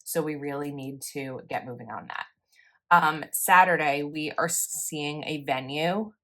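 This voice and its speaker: Her voice sits low and fairly bright as this young planner vlogger narrates her planning session at an unhurried pace. She chats casually, rambles a little, and corrects herself along the way.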